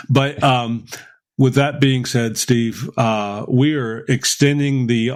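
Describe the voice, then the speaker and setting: A man's voice: mid-range voice, moderate pace. A man hosting a podcast in casual chat, rambling with many fillers and restarts. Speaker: podcast host.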